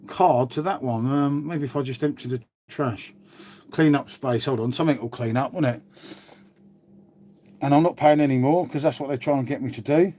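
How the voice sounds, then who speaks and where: A man's voice: fairly high pitch, warm tone. A man chatting casually on a live stream, rambling and swearing now and then. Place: outdoors.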